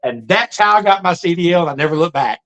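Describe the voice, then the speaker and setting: Fast-talking man, earnest. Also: a little high, expressive, fairly bright tone, rough recording. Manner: earnest, plain-spoken, folksy. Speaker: trucker telling his life story. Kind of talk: casual storytelling monologue.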